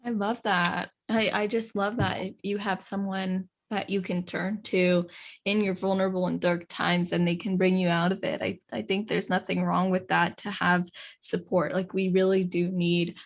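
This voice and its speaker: A woman's voice: lowish voice, flat delivery, moderate pace. A woman hosting an interview podcast, talking in an earnest, affirming way and often repeating words as she starts a thought. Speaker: podcast host. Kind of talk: casual interview chat.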